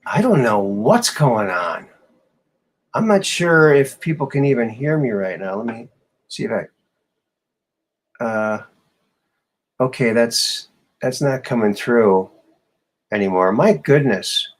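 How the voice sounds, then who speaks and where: A man hosting a casual live-stream chat show, quick to exclaim and ramble when something surprises him. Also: medium pitch, expressive. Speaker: host.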